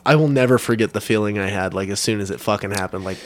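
A man's voice: on the low side, fast. A young man co-hosting a casual chat, swearing freely and laughing often as he banters. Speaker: podcast co-host.

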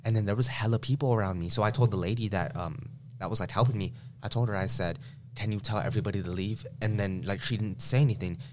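A man's voice: on the low side, fast talker, a little mellow. A young man casually telling a long personal story on a podcast, talking loosely with lots of "like". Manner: loose and slangy, heavy use of "like". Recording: noisy room recording.

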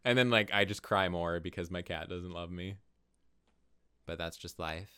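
Young dude podcasting, bright smooth voice, super expressive, goofy high voices for quotes. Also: male voice, moderate pace. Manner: expressive, swings into high playful voices when quoting. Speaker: podcast co-host. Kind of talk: casual podcast chat.

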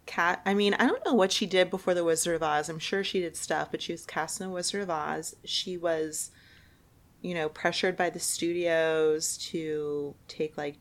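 A young woman co-hosting a podcast in casual chat, laughing often. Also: fairly low pitch. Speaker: podcast co-host.

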